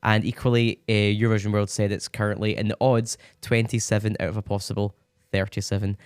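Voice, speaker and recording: A Scottish man co-hosting a podcast in casual chat, playful and quick to laugh. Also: on the low side, level tone, clear, resonant tone, no room sound, studio quality. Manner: chatty, laughs often, playful asides. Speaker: podcast co-host.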